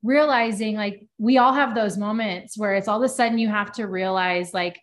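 A woman co-hosting a podcast, telling a personal work story in a casual, lively way with many filler words. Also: medium pitch, normal speed. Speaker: podcast co-host.

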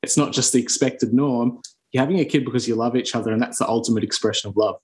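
A man's voice: mid-range voice, fast, darkish tone. Australian male podcast host, enthusiastic, casual conversational delivery, mid-range voice.

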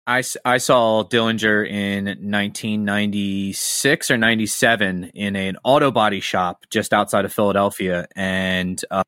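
A man in his forties co-hosts the podcast, his voice low but bright and forceful. He tells stories animatedly, with a close, dry sound. His delivery is casual. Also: moderate pace, hardly any pauses, no room sound. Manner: animated anecdote telling. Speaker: podcast co-host.

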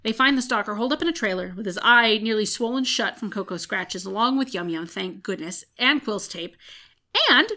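A woman's voice: medium pitch, brisk, pushed and bright. A woman co-hosting a podcast, retelling a book's plot in casual chat, with frequent "um" fillers. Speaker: podcast co-host. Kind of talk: casual book recap chat.

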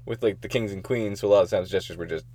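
A man's voice: lowish voice, fast talker, mellow. A young man co-hosting a casual podcast, telling jokes and laughing often as he talks. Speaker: podcast co-host.

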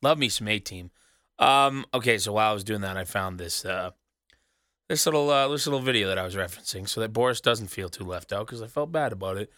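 A man recaps wrestling on his own in a small booth, sarcastic and rambling, with a casual habit of swearing. His voice is bright and forceful, and it is recorded very dry and close. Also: fairly low pitch, quick pace, no echo. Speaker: wrestling podcast host. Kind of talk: solo recap chat. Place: small studio booth alone.

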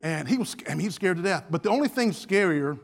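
A man's voice: high voice, expressive, quick pace. A man preaching a sermon, telling a funny story with many restarts. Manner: humorous storytelling with frequent restarts. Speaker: pastor. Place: church sanctuary. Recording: church hall reverb.

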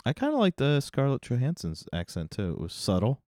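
A man's voice: mid-range voice, huge pitch swings, a little fast, a little mellow, dry recording, studio quality. A man co-hosting a casual movie-review podcast, laid-back, often chiming in briefly. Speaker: podcast co-host.

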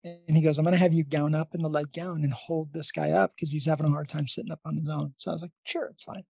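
A man's voice: a little high, little pitch movement, fast, creaky, dark tone, breathy edge, dry recording. A man who is a nurse and podcast host, telling a long story in a casual, rambling way with many restarts.

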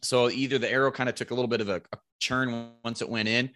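Man, casual storyteller, bright forceful voice, acts out quotes loudly. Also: mid-range voice, quick pace. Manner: animated, acts out quotes with loud raised voice, swears casually. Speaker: guest telling a hunting story.

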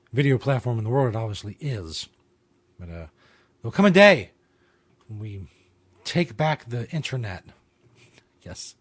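A man hosting his own talk show, rambling casually with lots of fillers, restarts and swearing. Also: medium pitch. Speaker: show host. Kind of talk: casual podcast monologue.

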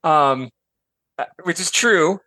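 A man's voice: on the high side, slow pace, sharp tone, no room sound. A man who is a guest on a podcast, an author and teacher, chatting casually and telling stories with lots of digressions and some casual swearing. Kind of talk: casual chat.

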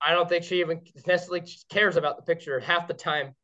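A man, a guest on a podcast, telling stories in an excited, rambling way with many restarts. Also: a little high, fast. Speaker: guest, game caller. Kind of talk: casual podcast chat. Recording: dull lo-fi sound.

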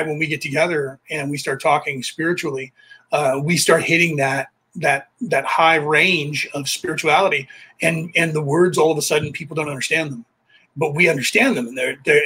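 American guy rambling on his podcast, lots of ums, kinda high voice, edgy bright tone. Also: fairly even intonation, breathy edge. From United States. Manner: fast-talking, rambling, many fillers and restarts. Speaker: podcast host. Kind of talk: casual rambling monologue.

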